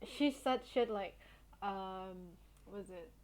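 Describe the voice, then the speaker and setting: A woman's voice: mid-range voice, slow pace, a little mellow, a little hiss or hum. A young woman streamer chatting casually with her viewers, telling a story in a blunt, indignant way and swearing often.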